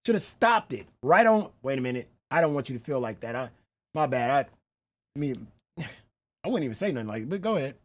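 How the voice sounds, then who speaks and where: A woman's voice: extremely low pitch, big pitch swings, brisk. A woman reaction streamer talking bluntly and incredulously in casual commentary, swearing and laughing often.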